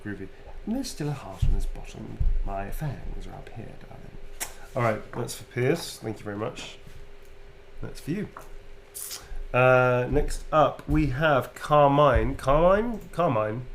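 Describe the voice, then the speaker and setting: A man chats playfully during a live autograph stream, casual and quick to laugh. His mid-pitched voice carries a gravelly fry. A faint noise hangs underneath the recording. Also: lively intonation. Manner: playful, chatty, laughs easily. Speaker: actor signing autographs on a livestream.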